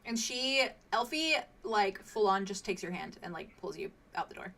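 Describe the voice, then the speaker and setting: A woman's voice: medium pitch, expressive, normal speed, gravelly, fairly bright tone. A woman narrating a tabletop game as game master, describing the scene in a chatty way with many fillers.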